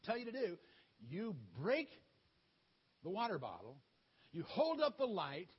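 A man's voice: high-pitched, wildly swooping pitch, unhurried, breathy edge, full character voice. A man doing Gideon, a jittery army leader. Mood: eager. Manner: eager, conversational commands. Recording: dull lo-fi sound.

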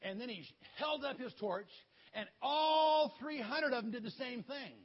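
A pastor with a very high, unhurried voice gives a children's story sermon. He tells it animatedly and invites the kids to join in, and the recording has a dull lo-fi sound.

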